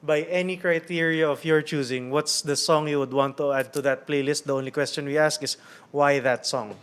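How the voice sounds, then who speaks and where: A Filipino man hosting a podcast, relaxed and unhurried, asking thoughtful questions and mixing Tagalog with English. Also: fairly high pitch, clear, resonant tone. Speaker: podcast host. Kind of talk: casual podcast interview.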